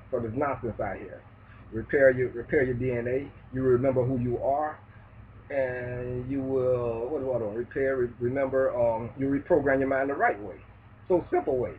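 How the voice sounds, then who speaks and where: A man ranting in a loud, preachy, profane street manner in a vlog monologue. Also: medium pitch, moderate pace, a little hiss or hum. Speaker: vlogger. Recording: distant tinny phone-like sound.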